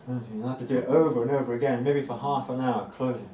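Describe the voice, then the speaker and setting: Rapid-fire and dark-toned, this man's medium-pitched voice keeps a fairly even intonation as he gives a live evening talk as a spiritual teacher. He is earnest, repeats words for emphasis and laughs lightly now and then before an audience in an indoor room. The distant mic catches him off-mic, with echo and faint ambient noise.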